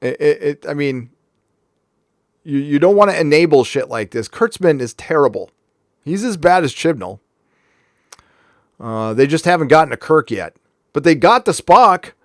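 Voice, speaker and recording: A man's fairly high-pitched voice comes through close and dry as he hosts a live stream. He rants bluntly and angrily, swears freely, and stumbles over restarts as he talks. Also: expressive, moderate pace, long pauses, dry recording. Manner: blunt, ranting, profane, frequent restarts. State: angry. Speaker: livestream host. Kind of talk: casual live-stream commentary.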